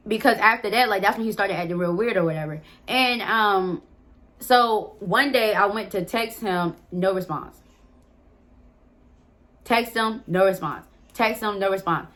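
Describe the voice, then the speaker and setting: A woman telling a personal story straight to camera in a loose, conversational way. Her voice sits at an ordinary middle pitch. She is frank and casual, drops the odd curse word and keeps turning to her viewers. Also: unhurried, fairly bright tone. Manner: candid, swears freely, addresses viewers as y'all. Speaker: storytime vlogger.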